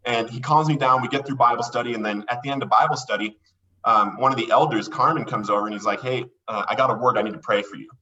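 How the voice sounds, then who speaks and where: A man recounts his story with excitable energy, slipping into the voices of people he quotes. His voice is bright and forward, and he sits a little back from the mic. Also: medium pitch, fast talker, distant mic, dull audio. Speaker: podcast guest. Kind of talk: animated storytelling.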